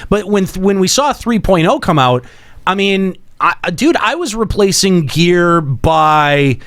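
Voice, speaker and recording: A man's voice: high-pitched, measured pace, no echo. A man hosting a casual gaming podcast and taking calls, talking emphatically with lots of restarts and the odd swear word. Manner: animated, emphatic, swears freely, many restarts. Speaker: podcast host.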